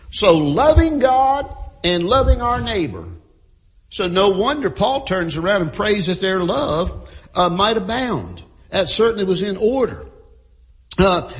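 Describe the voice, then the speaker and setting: A man preaching a sermon in a church, emphatic, repeating key phrases and often clearing his throat. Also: sits high. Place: church with a sound crew. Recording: long hall reverb.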